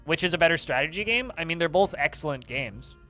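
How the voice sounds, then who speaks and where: Streamer guy rambling thru a story, lively up and down voice, kinda high, faint music. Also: fast. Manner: animated, rambling anecdote with many fillers. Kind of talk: casual storytelling while playing a game.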